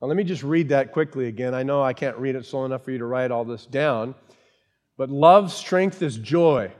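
A man's voice: mid-range voice, steady tone, brisk, darkish tone. A man preaching a sermon as pastor, stressing points by repeating them and putting questions to the congregation. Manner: emphatic, repeats key phrases, asks the congregation questions.

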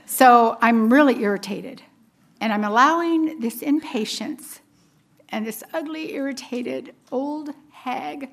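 In a slow, creaky, high voice, a fifty-something women's ministry speaker delivers a personal testimony sermon. She is earnest and storytelling, and laughs at herself as she goes.

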